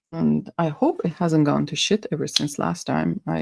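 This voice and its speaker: A woman's voice: on the low side, steady tone, normal speed, gravelly, few pauses, dry recording. A woman hosting a casual perfume livestream, playful and a bit silly, giggling as she chats with viewers and muses over scents. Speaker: livestream host reviewing perfumes.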